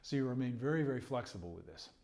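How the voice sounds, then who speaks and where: A man at an ordinary pitch talks through a music lesson as a trumpet teacher. He explains patiently and sings rhythms aloud on nonsense syllables. He chuckles between points. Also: lively intonation, quick pace, creaky, darkish tone.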